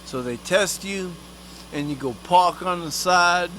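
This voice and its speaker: A man with a high, bright voice delivers a rambling, swear-heavy comic rant. He talks slowly and unhurriedly, full of street slang, and now and then refers to himself in the third person. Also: slight background noise. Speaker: vlogger.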